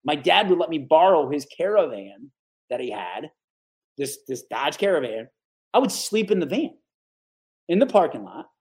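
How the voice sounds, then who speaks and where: A man in his forties from the Capital Region of New York, a guest telling stories in a casual, animated interview. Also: a little high, normal speed, pauses often. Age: 40s. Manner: animated, lively storyteller who acts out the people he quotes.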